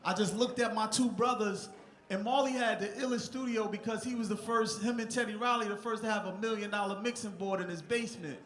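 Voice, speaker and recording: High-voiced American man, echoey stage speech. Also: fairly even intonation, brisk, fairly bright tone. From Newark, New Jersey, USA. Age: middle-aged. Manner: rambling and heartfelt, with many restarts and "you know". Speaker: award honoree giving an acceptance speech. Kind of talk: emotional acceptance speech. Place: large theatre stage. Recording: echoey theatre sound.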